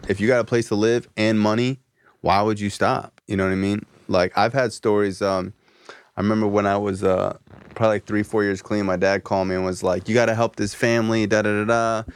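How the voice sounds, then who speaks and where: Blunt, smooth low-voiced host. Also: male voice, flat delivery, fairly quick, no room sound. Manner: blunt, casual, swears freely. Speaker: podcast host. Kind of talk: casual interview chat.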